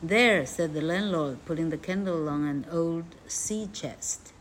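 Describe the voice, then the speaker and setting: A woman reading a classic story aloud and translating it as an English teacher, in a lively, chatty way. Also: low voice, measured pace, a little hiss or hum. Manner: lively, chatty, self-correcting.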